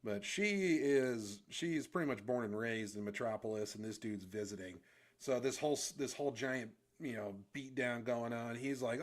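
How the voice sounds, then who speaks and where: A man's voice: mid-range voice, normal speed. Rambling male streamer chatting while he draws. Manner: rambling, self-deprecating, thinks aloud. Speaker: livestreamer drawing comics. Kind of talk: casual chat while drawing.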